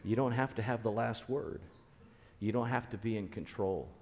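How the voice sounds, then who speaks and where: A man's voice: lowish voice, moderate pace, a little mellow, big-room sound. A man preaching a conversational sermon as a pastor, earnest, repeating key phrases and restarting his sentences.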